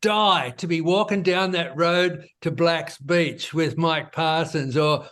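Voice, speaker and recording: Slowly and in a voice on the high side, a man who started a company narrates his story during a relaxed interview, habitually throwing in "you know" and "right?"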